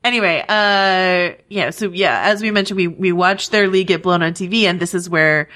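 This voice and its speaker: A woman co-hosting a podcast, chatting casually about a TV show with wry, quick asides. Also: on the low side, bright, forceful tone. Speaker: podcast co-host. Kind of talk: casual TV recap discussion.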